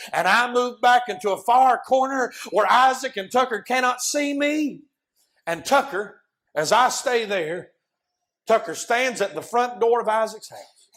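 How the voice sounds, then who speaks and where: A man preaching a sermon as an impassioned storyteller who often shouts. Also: very high-pitched.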